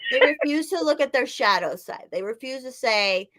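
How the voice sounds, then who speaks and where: Woman hosting a podcast, kinda high voice, swears a lot, rambles with tons of "like"s. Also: huge pitch swings, normal speed, a loud crowd. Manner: profane, emphatic, rambling with many fillers. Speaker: podcast host. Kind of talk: casual chat.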